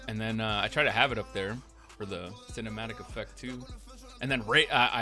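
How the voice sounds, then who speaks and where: Bright-voiced man rambling through a story. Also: medium pitch, fairly quick, soft background music. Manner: profane, rambling, acts out the quotes. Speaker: roleplay streamer. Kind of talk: casual retelling of game events.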